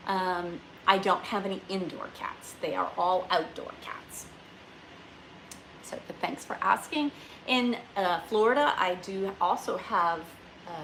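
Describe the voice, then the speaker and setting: A woman from the Northeast US hosts a relaxed live stream and answers viewers' questions as they come in. She talks in a chatty way, full of fillers and restarts. Her voice sits at a middle pitch, and there is faint ambient noise behind her. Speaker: livestreamer. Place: indoors on a farm, rainy day.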